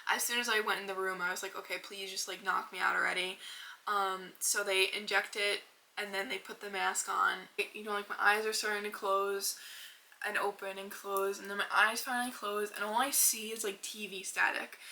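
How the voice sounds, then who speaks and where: A woman's voice: medium pitch, level tone, moderate pace, vocal fry, bright, forceful tone, slight background noise. A young woman in her twenties hosting a mental health podcast, casually telling a personal story with lots of "like" and fillers. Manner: chatty, filler-heavy, lots of "like". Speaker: podcast host.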